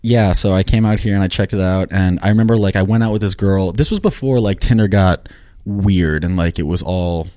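A man's voice: low voice, fairly quick, warm tone, no echo, clean studio sound. A man chatting casually as a podcast guest, telling rambling, easygoing stories. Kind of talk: casual chat.

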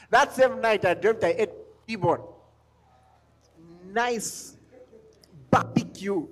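High-voiced preacher man, emphatic. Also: very slow, long pauses, a bit bright. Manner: emphatic, repeats lines, sings scripture. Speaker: pastor. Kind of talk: sermon.

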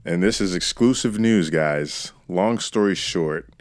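A young man on a podcast, rambling loudly through crude banter about sports and the news. His voice is very deep, and the dry, close sound carries no room echo. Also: measured pace. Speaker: podcast co-host. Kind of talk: casual chat.

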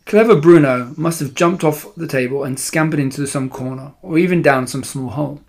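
A man reading a children's story aloud in a lively, varied storytelling manner. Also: a little high, fairly quick, gravelly. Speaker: audiobook reader.

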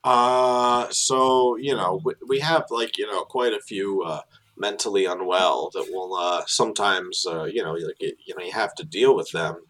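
A man, working as a tour guide, telling animated stories in casual chat with many fillers and restarts. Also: moderate pace, low-quality recording. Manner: animated storyteller, many fillers and restarts, drops low for asides.

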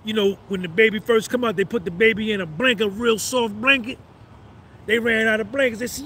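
A man's voice: sits high, fairly quick, sharp tone, a little hiss or hum. A man in his fifties giving a boastful motivational monologue on a live stream, swaggering and repeating his phrases for emphasis. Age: 50s.

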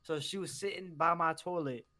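A man's voice: a little high, normal speed, pushed and bright. A man co-hosting a podcast in casual banter, telling stories in a blunt, profane way. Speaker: podcast co-host.

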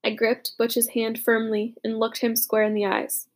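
A woman narrating a chapter book in a measured, reflective way. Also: fairly high pitch, monotone. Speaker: audiobook narrator. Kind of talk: storybook narration.

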